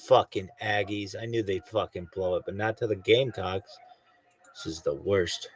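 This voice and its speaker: A man's voice: deep voice, normal speed, breathy edge, low-quality recording. A man livestreaming, chatting casually and ranting in a crude, profane, mocking way. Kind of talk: casual livestream chat and rant.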